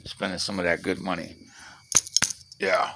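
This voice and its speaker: Gravelly fast-talking man rambling. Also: low-pitched, little pitch movement, sharp tone, slight background noise. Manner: fast-talking, profane, digressive. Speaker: vlogger. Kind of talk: rambling casual vlog monologue. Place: his half-built shed, at night.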